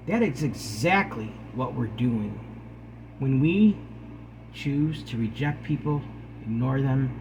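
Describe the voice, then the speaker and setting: A man's voice: medium pitch, a little mellow, slight background noise, rough recording. A man giving an earnest, pleading talk to camera, calling his viewers guys and preaching kindness. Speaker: spiritual video host.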